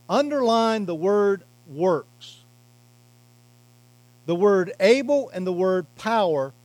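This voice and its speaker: A male pastor with a high voice delivers an emphatic sermon, leaning hard on key words and dropping his voice low at the ends of thoughts. He speaks at an unhurried pace in a dry, close recording. A faint mains hum sits underneath. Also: no room sound, rough recording. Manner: emphatic preaching, varying loudness and pace.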